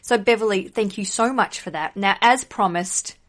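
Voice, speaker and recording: A woman's voice: medium pitch, normal speed. An Australian woman hosting a podcast, chatting casually in a playful, self-deprecating way. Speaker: podcast host. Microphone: podcast microphone.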